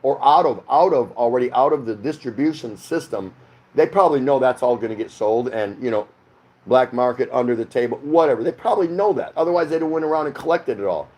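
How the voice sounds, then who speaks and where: A middle-aged American man hosts a casual livestream from his home in the Philippines, reading viewer comments aloud one after another and answering with loose, rambling asides. His voice sits at an ordinary middle pitch, a little mellow, and he speaks fast.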